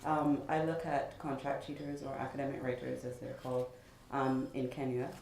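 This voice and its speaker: A young woman in her twenties, a doctoral student, introducing herself on a panel with quick restarts. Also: extremely low pitch, level tone, darkish tone, slight background noise. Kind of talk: conference self-introduction. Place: big conference room. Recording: echoey conference room.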